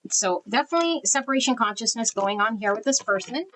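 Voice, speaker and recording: A woman's voice: on the high side, lively intonation, fast, a bit bright, a little hiss or hum, rough recording. A woman giving an intuitive tarot card reading in a loose, rambling way, full of fillers and self-corrections. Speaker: tarot reader.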